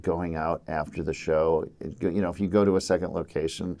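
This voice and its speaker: A man in his fifties from Minnesota, a musician guest chatting casually in a radio studio, halting and repeating his words as he restarts his thoughts. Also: sits low, fairly even intonation, warm tone. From Minnesota, USA. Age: 50s. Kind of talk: casual interview chat. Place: radio station studio session.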